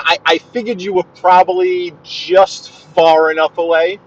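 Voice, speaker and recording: A man's voice: sits high, fairly even intonation, measured pace, lo-fi sound. Chatty New man driving. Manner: chatty, talks to chat viewers, stumbles and repeats words. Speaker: live-streaming driver vlogger. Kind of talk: casual live-stream chat while driving. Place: inside a car on the highway.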